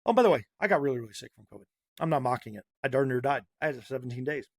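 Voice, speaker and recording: A man from Massachusetts hosts a podcast, delivering a heated, sarcastic opinion monologue full of punchy repetition. His mid-range voice is animated, racing, gravelly, and a little mellow. The recording is dry and studio quality.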